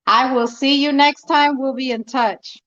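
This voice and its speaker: Woman podcast host, high voice, affirming tone, muffled lo-fi recording. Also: steady tone, unhurried, fairly bright tone. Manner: encouraging, affirming. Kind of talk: casual interview talk.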